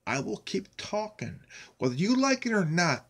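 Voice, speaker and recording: A man's voice: high voice, big pitch swings, normal speed, vocal fry, fairly bright tone, slightly rough. A man ranting angrily and defiantly at his critics in a vlog monologue, swearing constantly and hammering the same phrases over and over. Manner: profane, defiant, emphatic and repetitive. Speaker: YouTube channel host.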